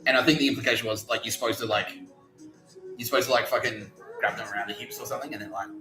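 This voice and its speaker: A man's voice: mid-range voice, fairly even intonation, rapid-fire. A man telling a rambling comic story as a podcast host, swearing freely and breaking into laughter. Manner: profane, laughing, rambling delivery. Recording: echoey room with music playing.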